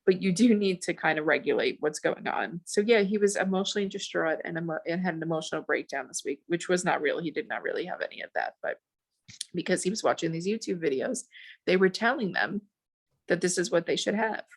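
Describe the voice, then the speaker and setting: Rambling, animated woman podcast guest. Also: lowish voice, brisk. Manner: rambling, animated, many restarts. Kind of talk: casual podcast chat.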